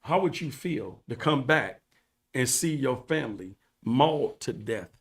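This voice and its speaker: A man's voice: medium pitch, lively intonation, measured pace. A man as a podcast guest, telling his story in an earnest, preachy way and repeating phrases for emphasis. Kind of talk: casual storytelling interview.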